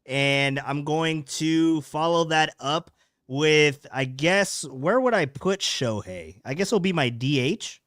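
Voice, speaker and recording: A man's voice: a little high, animated, slow, a bit bright, no room sound, clean studio sound. A man co-hosting a casual sports podcast, rambling and restarting as he thinks aloud. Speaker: podcast co-host.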